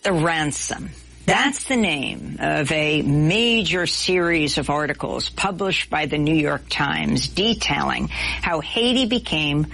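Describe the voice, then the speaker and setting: A woman narrates a news report in a low, gravelly voice. She reads the script slowly, with a measured and formal delivery. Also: animated, a bit bright.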